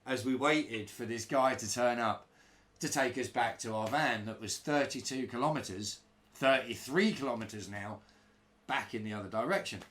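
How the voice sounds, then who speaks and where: A man's voice: medium pitch, moderate pace. A middle-aged man casually telling a road-trip anecdote, acting out other people's voices. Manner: animated, acts out broken-English voices of others. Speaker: storyteller recalling touring life.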